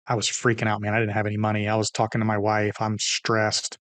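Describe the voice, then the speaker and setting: A middle-aged man, a guest on an interview podcast, telling stories in an energetic, animated way and acting out the dialogue. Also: fairly low pitch, fast talker, hardly any pauses, no room sound. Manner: energetic, animated storyteller who acts out dialogue. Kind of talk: interview storytelling.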